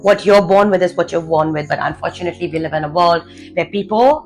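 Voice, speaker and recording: A woman's voice: lowish voice, fast, creaky, faint music behind, low-quality recording. A woman confidence coach delivering a blunt, cursing motivational rant, hammering out rhetorical questions. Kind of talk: profane motivational rant to camera.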